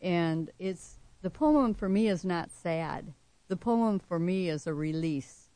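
Soft-spoken woman poet, dry close sound. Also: lowish voice, animated, no room sound. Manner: soft-spoken, reads with slow measured emphasis. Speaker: poet guest. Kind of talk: poetry reading and interview answers.

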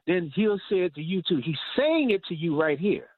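A man's voice: sits high, sing-song, moderate pace, no room sound. A man preaching a sermon, emphatic and repeating phrases for stress. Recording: dry, tinny phone-like sound.

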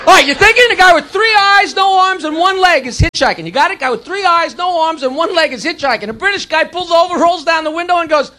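Brash high-voiced male joke teller. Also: fast, hardly any pauses, sharp tone. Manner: brash, crude one-liners. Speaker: stand-up comic. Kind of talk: rapid-fire joke telling.

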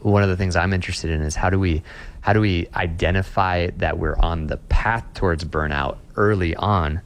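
Deep-voiced pastor, earnest and easygoing. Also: male voice, normal speed, slight background noise. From Austin, Texas. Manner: earnest, often repeats words as he restarts. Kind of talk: casual interview talk.

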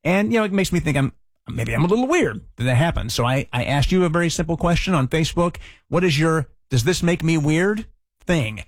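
A middle-aged man hosting a radio show, talking in a relaxed, chatty way with light self-mocking humor. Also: a little high, brisk, dry recording, studio quality. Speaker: radio host. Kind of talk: casual radio chat. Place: radio studio.

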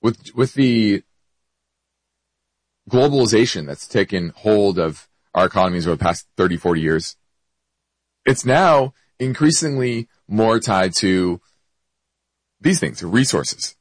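A man's voice: on the low side, expressive, measured pace, pauses often, dry recording, poor audio. A man hosting an investment show, explaining markets and answering a listener's question, with hiccups and frequent self-corrections.

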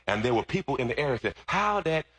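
A man pastor preaching a sermon, telling a story and then rising into shouted preaching. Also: medium pitch, rapid-fire, slightly rough.

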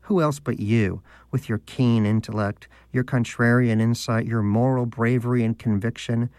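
A man's voice: mid-range voice, steady tone, normal speed, darkish tone, dry recording, lightly acted. A man voicing a pompous, devout male pet hamster who lectures in a lofty, condescending manner, as an audiobook character. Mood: preachy.

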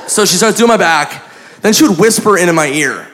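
Recorded live with a handheld mic on a comedy club stage, this stand-up comedian tells a crude, profane story and acts out the quoted dialogue. His voice is high-pitched and fairly bright, with lively intonation and a fairly quick pace. Audience laughter and noise fill the recording.

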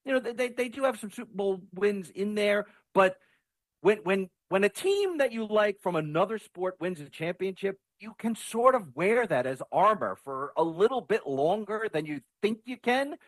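A man talking football as a guest, animated and stumbling over his opening words. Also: high voice, moderate pace, no room sound. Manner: animated, repeats words when starting sentences. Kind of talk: excited sports talk.

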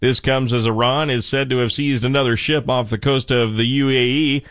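A man reading the news as a radio anchor in a crisp newsreading style. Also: mid-range voice, steady tone, normal speed, fairly bright tone, dry recording. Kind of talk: radio newscast.

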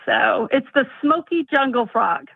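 A woman's voice: sits high, animated, a little slow, creaky, husky, dry recording. A woman from North Dakota, a biology teacher, calling in and talking with earnest enthusiasm. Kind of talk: phone-in call. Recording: tinny phone line.

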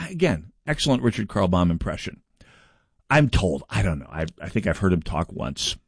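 A man's voice: deep voice, big pitch swings, normal speed, husky, no echo, clean studio sound. A middle-aged man from North Dakota hosting a political talk radio show, delivering a sardonic, mocking monologue.

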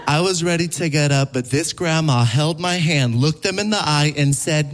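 Male stand-up comic, slightly high voice, animated storyteller, live theater mic with clear room noise. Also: moderate pace, hardly any pauses. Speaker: stand-up comedian. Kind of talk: stand-up comedy set. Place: theater stage with live audience.

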